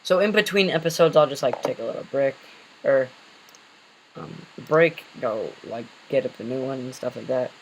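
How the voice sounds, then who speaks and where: A man's voice: mid-range voice, moderate pace, a little hiss or hum, poor audio. A man casually retelling an invented superhero story, rambling with many fillers and self-corrections.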